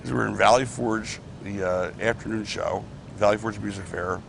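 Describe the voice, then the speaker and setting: In a casual interview on a clip-on mic, a middle-aged ex-wrestling promoter rambles through backstage tales, restarting and performing what others said. His voice is fairly low, steady, and gravelly at a moderate pace, with background noise.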